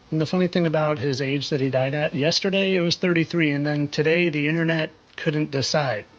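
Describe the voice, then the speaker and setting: A man's voice: fairly high pitch, fairly even intonation, a little fast, hardly any pauses, highs cut off. A man hosting a commentary video, speaking in a knowing, rhetorical way and repeating phrases for effect. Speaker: video host. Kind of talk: insinuating commentary monologue.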